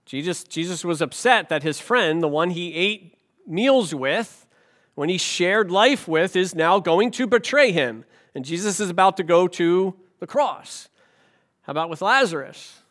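A man's voice: high-pitched, expressive, unhurried, a bit bright. A middle-aged male pastor preaching a sermon, telling a story with animation and asking rhetorical questions.

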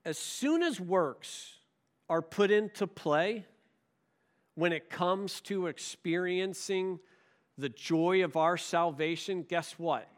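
A man's voice: sits high, takes it slowly. A male pastor preaching a sermon, emphatic and full of rhetorical questions.

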